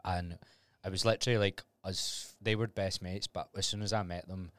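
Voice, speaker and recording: A young Glaswegian man, a podcast guest, telling animated stories with plenty of swearing and laughter. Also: low-pitched, normal speed, no echo. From Scotland. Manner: animated storyteller, swears freely, laughs often. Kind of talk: casual chat.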